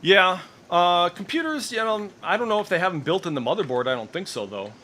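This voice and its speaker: A man's voice: sits high, lively intonation, a little fast, sharp tone. A middle-aged man streaming in casual voice chat, ranting with heavy profanity and strong opinions.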